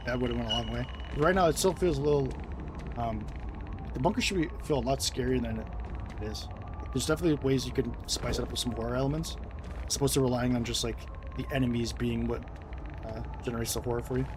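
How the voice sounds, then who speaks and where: Rambling man chatting over gameplay. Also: medium pitch. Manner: rambling, filler-heavy, talks to chat. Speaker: streamer playing a game. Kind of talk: casual gameplay commentary. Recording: noisy background.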